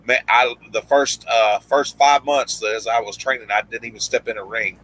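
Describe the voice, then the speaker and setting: A man with a drawl tells a loose, meandering story, stopping and restarting often. His voice is bright and forward, and he jumps into quoted lines as he recounts them. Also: mid-range voice, moderate pace, no echo, poor audio. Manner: rambling, many restarts, acts out quoted lines. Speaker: guest storyteller, former pro wrestler. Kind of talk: casual storytelling chat.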